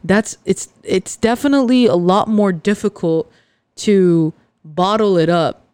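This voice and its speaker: Woman podcast host, smooth clear voice, earnest and a bit halting, dry sound, no room echo. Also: mid-range voice, a little mellow. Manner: earnest, confessional, halting with fillers. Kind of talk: candid personal podcast monologue.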